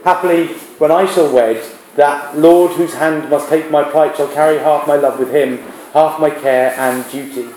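A man's voice: on the high side, steady tone, moderate pace, hardly any pauses, darkish tone, a little hiss or hum, pitched above the performer's own voice, close to an everyday voice. A man reading aloud the part of a firm, plain-spoken young royal woman, in an echoey classroom. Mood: measured.

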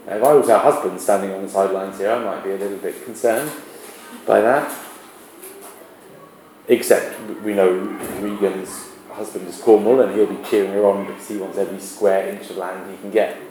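A man's voice: on the low side, steady tone, dark tone, roomy sound, a little hiss or hum, rough recording. A male literature teacher giving a classroom lesson, often restarting his sentences. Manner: halting, with many restarts and fillers.

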